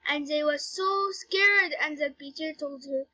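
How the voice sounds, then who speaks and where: A woman reading her own story aloud, halting and stopping to correct herself. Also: high voice, bright, forceful tone.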